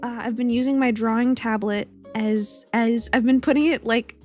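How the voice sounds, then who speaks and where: High-voiced young woman chatting on stream. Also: steady tone, normal speed, faint music behind. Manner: rambling and giggly, greeting chat by name. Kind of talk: casual live-stream chat.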